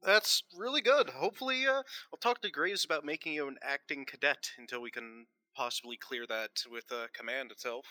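A man playing in a casual tabletop roleplay game, relaxed and easygoing. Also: mid-range voice, brisk, few pauses, no room sound. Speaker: player.

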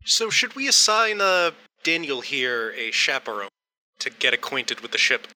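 A man's voice: medium pitch, big pitch swings, moderate pace, pushed and bright, rough recording. A man playing a tabletop role-playing game, joking and offhand. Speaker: player.

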